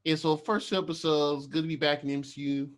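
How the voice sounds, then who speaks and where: Man, podcast co-host, casual rambling talk, fairly high voice, acts out scenes. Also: flat delivery, fairly quick.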